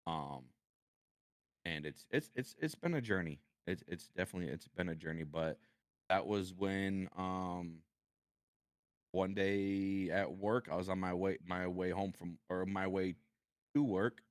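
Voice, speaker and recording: A man, a podcast guest, talking about his past in halting sentences and often repeating his words. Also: sits low, no echo, studio quality. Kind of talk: personal interview conversation.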